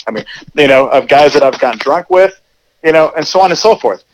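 A man's voice: a little high, expressive, a little fast, a little hiss or hum, rough recording. A male podcast guest and former seminarian, talking frankly and earnestly in casual conversation, with a lot of "you know".

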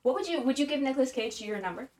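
A woman's voice: high-pitched, expressive, rapid-fire, darkish tone. A woman co-hosting a casual podcast, reading a story aloud with acted quotes and frequent laughter. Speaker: podcast co-host.

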